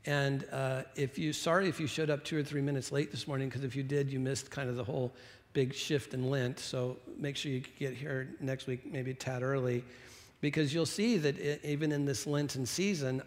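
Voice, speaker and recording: Conversational middle-aged pastor in a reverberant hall. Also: male voice, medium pitch. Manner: conversational, self-deprecating, with restarts and asides. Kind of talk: sermon. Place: church sanctuary.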